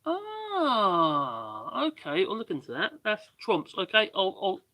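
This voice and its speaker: Male streamer, high and bright, rambling DIY chat full of restarts and half-muttered asides. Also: normal speed. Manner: rambling, hesitant, with many restarts and fillers; mutters to himself while working. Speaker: live-stream host. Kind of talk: casual live-stream chat during DIY work.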